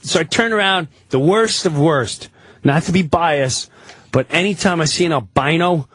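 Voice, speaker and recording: A man telling a rambling, excitable story as a guest on a talk-radio show, acting out the people in it. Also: fairly high pitch, normal speed, slightly rough, dry recording.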